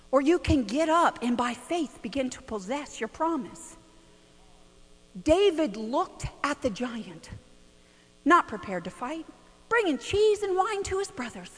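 A middle-aged woman preaching a sermon, telling a family story with lots of animation, hushed at times and shouting at others. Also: sits high, big pitch swings, a little slow, long pauses. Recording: long reverb of a large hall.

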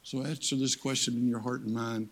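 An older man preaching a folksy sermon as guest speaker, swinging from loud, high-pitched exhortation to hushed, low appeals. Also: level tone, a little fast, slightly rough.

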